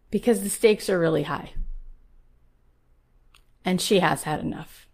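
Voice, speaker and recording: A woman's voice: lowish voice, measured pace, pauses often. Middle-aged woman host, motivational speaker, intimate storyteller who pushes hard and pleads with listeners. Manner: storytelling, soft and hushed at first, then rising to urgent, pleading exhortation. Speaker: podcast host. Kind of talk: motivational talk.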